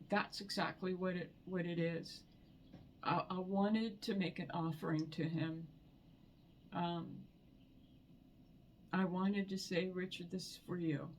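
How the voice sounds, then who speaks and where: A woman talking in a personal vlog, soft and halting, repeating words, emotional and near tears. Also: fairly low pitch, a little hiss or hum. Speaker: vlogger.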